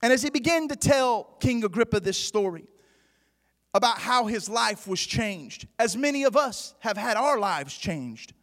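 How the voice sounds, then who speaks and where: A man preaching a fiery sermon, often shouting, his voice unusually high and his delivery slow and deliberate. A long hall reverb trails every phrase.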